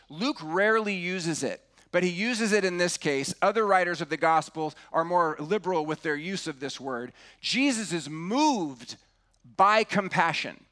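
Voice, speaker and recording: In a notably high voice, a middle-aged pastor preaches earnestly. To stress key words, he drops to a hush.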